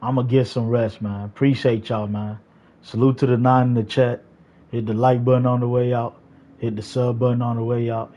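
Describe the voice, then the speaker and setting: A man's voice: lowish voice, a little hiss or hum. A man streaming a football video game, talking casually to his chat, worn out, weary and swearing freely. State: tired. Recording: dull lo-fi sound, faint game music.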